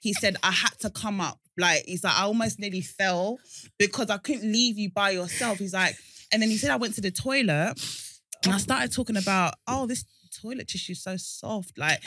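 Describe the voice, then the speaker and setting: A woman telling a story in casual chat, animated and laughing often. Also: mid-range voice, normal speed, no echo.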